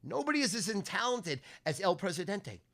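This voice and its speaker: A middle-aged man delivers a crude, profane podcast rant in a bright, forceful voice that sits a little high for a man. He keeps dropping to a low grumble and then jumping up to a shout. His voice is wearing hoarse. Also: very animated, normal speed. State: voice going hoarse. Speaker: sports handicapper and podcast host. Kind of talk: profane ranting monologue.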